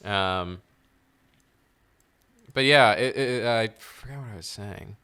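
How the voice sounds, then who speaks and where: A man's voice: fairly low pitch, slow pace, sharp tone, smooth. A man co-hosting a podcast, talking casually and rambling with lots of fillers and laughs. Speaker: podcast co-host. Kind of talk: casual chat.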